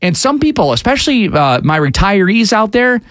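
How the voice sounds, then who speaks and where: A man's voice: high-pitched, very animated, moderate pace, fairly bright tone, no room sound. A man hosting a talk show, giving casual, opinionated commentary on the news with frequent fillers. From Atlanta area, USA.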